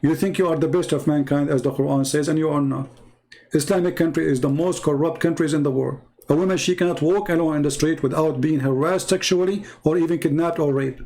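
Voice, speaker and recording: A man's voice: a little high, a little fast, dark tone, poor audio. A man hosting a live-stream debate, reading out viewer comments and answering them in mocking, confrontational non-native English, firing rhetorical questions.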